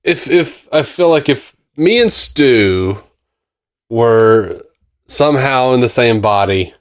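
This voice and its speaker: Slow-talking laid-back male co-host. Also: mid-range voice, lively intonation. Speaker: podcast co-host. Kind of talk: casual chat.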